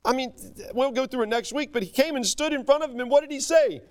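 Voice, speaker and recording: A man preaching a sermon, emphatic and animated, often breaking off and restarting his sentences. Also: very high voice, quick pace. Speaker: pastor.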